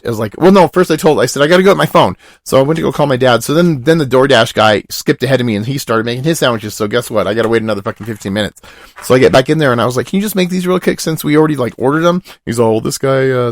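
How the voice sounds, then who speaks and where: A man's voice: mid-range voice, creaky, no room sound, clean studio sound. A young man telling a long rambling story on a podcast, swearing often and dropping his voice to quote other people. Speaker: podcast host. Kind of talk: casual storytelling.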